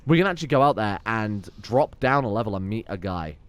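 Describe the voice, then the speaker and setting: A man's voice: fairly low pitch, expressive, brisk, clean tone. A man giving sweary, sarcastic let's play commentary while playing a game. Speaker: gameplay commentator.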